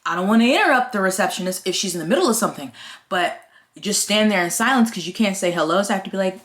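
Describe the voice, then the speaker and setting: A woman's voice: mid-range voice, animated, rapid-fire, fairly bright tone. A young woman ranting in a casual vlog, swearing often and sounding exasperated. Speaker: vlogger.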